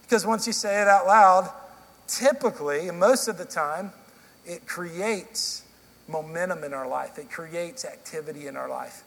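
A middle-aged male pastor preaches in a fairly high voice, telling stories in a loose, conversational way and often restarting his sentences. His words ring out with a long hall reverb in a church, and a faint hum sits underneath. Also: unhurried, vocal fry, fairly bright tone. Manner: conversational storytelling with frequent restarts. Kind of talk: sermon. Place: church sanctuary.

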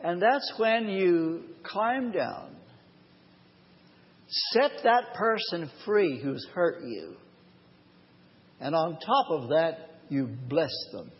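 A man preaching a live sermon, his voice sitting fairly high. He tells his story earnestly and drags out the key phrases for weight. The recording is dull and washed in long reverb from a large church hall. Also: lively intonation. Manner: earnest, personal storytelling with emphatic slowed phrases. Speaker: pastor.

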